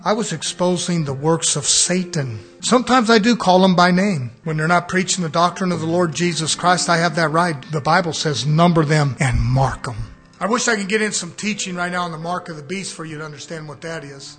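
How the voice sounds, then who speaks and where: A man preaching a fiery sermon in a high, bright voice. He drops to quiet murmurs, then climbs into ringing shouts. His tone stays sharp and insistent throughout. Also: fairly quick, soft background music. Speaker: pastor.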